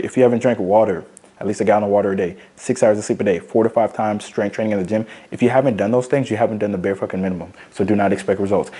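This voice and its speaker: A man's voice: lowish voice, warm tone, slightly rough. A man ranting bluntly to camera as a fitness coach, profane and emphatic, repeating his points for stress. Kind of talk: blunt motivational rant to camera.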